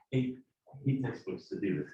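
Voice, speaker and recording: Male professor at mid pitch, candid and wry, lecturing in a reverberant classroom. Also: mellow, muffled recording. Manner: candid, exasperated asides, joking. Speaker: physics professor. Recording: roomy classroom echo.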